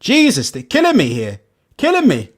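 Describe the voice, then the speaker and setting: Casual guy doing reaction commentary, high voice, swings up and down a lot. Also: normal speed. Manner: animated, mock-emotional, laughs a lot. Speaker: reaction video host.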